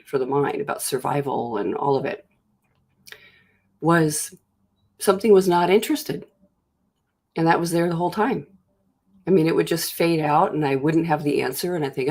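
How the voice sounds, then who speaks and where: A host giving a slow, searching reflective monologue, pausing often and acting out inner thoughts as quoted asides. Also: medium pitch, creaky, slightly rough. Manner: slow, searching delivery with long pauses and soft trailing phrases. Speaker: host of a self-inquiry show.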